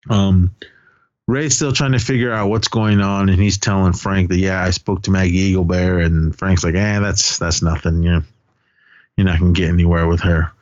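A man's voice: deep voice, flat delivery, moderate pace, darkish tone, no room sound. A man co-hosting a podcast, casually retelling a movie's plot and quoting its lines with a laugh now and then. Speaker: podcast co-host. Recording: dull lo-fi podcast audio.

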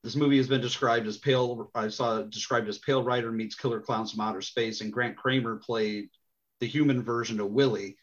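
A man's voice: mid-range voice, fairly even intonation, brisk. Guy cohost, wry, tossing in movie trivia, muffled lo-fi sound. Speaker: podcast co-host. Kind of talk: casual movie chat. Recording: dull lo-fi sound.

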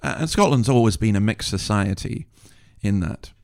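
A man's voice: lowish voice, expressive, moderate pace, darkish tone. A man in his sixties hosting a podcast, giving an indignant, wry commentary full of asides. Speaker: podcast host. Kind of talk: opinionated commentary monologue.

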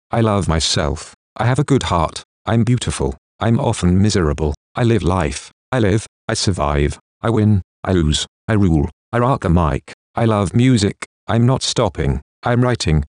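A man's voice: low voice, darkish tone, no echo, clean studio sound. A man reading a memoir aloud in a blunt, confessional way, swearing freely. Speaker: memoir narrator. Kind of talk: scripted audiobook narration.

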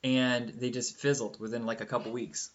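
A man's voice: medium pitch, normal speed. Guy chatting on a podcast, tells stories and acts out the voices, kinda muffled lo-fi sound. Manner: animated storyteller, acts out quotes, laughs often. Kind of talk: casual chat.

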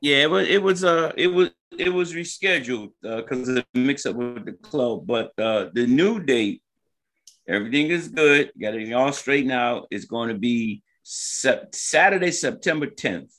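A man's voice: medium pitch, lively intonation, normal speed, a bit bright. Laid-back joking man, comedian co-host. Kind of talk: casual radio show chat.

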